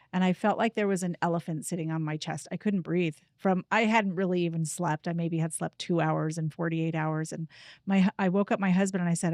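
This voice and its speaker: A woman's voice: lowish voice, a little mellow, no room sound. Earnest woman guiding listeners, dry close sound. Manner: earnest, heartfelt, slows down to guide listeners. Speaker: grief coach and host. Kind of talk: reflective personal talk and guided practice.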